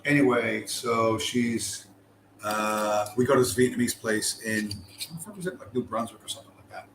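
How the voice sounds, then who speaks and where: A man's voice: fairly low pitch, moderate pace, a bit bright, slight background noise. A man from the US East Coast hosting a casual livestream, telling stories in a rambling, profane way and often losing his train of thought. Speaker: livestream host. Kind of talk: casual storytelling chat. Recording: roomy with faint ambience.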